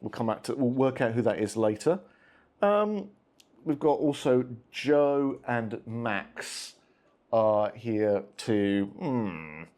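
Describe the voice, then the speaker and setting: A man's voice: medium pitch, expressive, takes it slowly, darkish tone. A man hosting a solo tabletop wargame session, chatting casually and talking to his cats between dice rolls. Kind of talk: casual play-through commentary.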